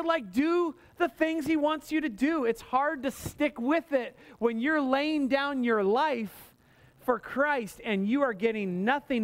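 A male pastor preaching a sermon in a conversational, animated way, calling out for amens and acting out people's complaints in a raised voice. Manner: animated, acts out complaints in a higher voice.

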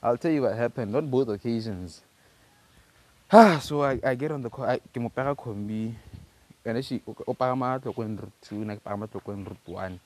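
A man's voice: medium pitch, normal speed, darkish tone, dry recording. A teenage man from Africa, telling a loose, slangy story on his own podcast, full of restarts and repeated words. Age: teens. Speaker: podcast host.

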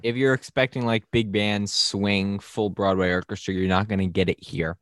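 A young podcast co-host in relaxed, agreeable chat who also reads a guest introduction. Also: low-pitched, normal speed, no room sound, studio quality.

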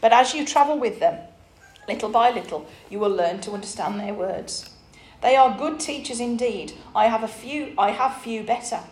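A woman voicing a gentle, patient male shepherd who speaks quietly and tenderly, in a roomy recording. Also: fairly high pitch, normal speed, natural voice. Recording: roomy echo.

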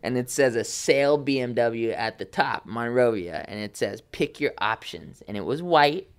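Young guy telling his story on a podcast, gets animated, does little voices for people. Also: mid-range voice, moderate pace, clear, resonant tone. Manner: animated, acts out quoted voices. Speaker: guest. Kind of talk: casual storytelling.

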